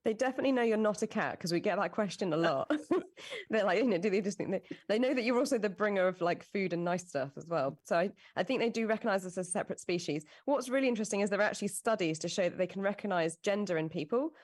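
A woman's voice: medium pitch, expressive, fast, slightly rough. A woman, a cat welfare expert co-hosting a podcast, explaining in a friendly, matter-of-fact way. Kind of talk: casual explaining.

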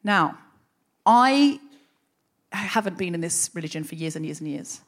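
A woman comedian and podcast host telling a personal story live on stage, wry and lively, winding up to real passion. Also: sits low, fast. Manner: lively, wry, building to impassioned. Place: stage in front of a live audience.

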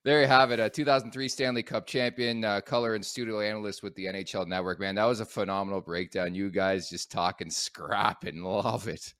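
A man's voice: lowish voice, fairly even intonation, a little fast, few pauses, a bit bright, no room sound, studio quality. A man hosting a podcast who wraps up segments in an upbeat, friendly way. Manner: upbeat, friendly wrap-ups. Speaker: podcast host.

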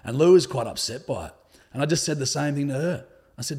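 A man's voice: on the high side, fast talker, a little mellow. An Australian man in a casual podcast chat who talks bluntly and swears freely. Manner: blunt, sweary, laid-back. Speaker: podcast co-host, guest.

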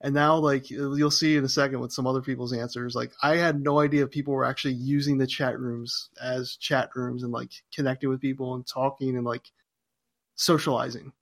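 A man's voice: medium pitch, level tone, brisk. A man hosting a podcast, reading listener mail in a loose, joking way. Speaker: podcast host. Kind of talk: casual podcast chat.

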